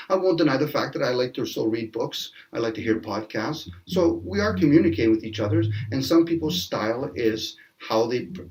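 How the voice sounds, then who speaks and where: A man in a casual speculative panel discussion, talking animatedly, acting out little quoted exchanges and laughing often. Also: medium pitch. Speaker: panel guest. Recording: distant from the mic.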